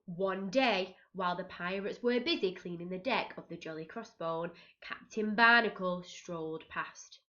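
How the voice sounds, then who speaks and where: A woman teacher reads a picture book aloud to very young children, pausing to gasp and ask them what comes next. Her voice is bright and her pace unhurried. The recording sounds dull and lo-fi. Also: lowish voice. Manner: expressive, gasping, asking children questions. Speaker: reception teacher.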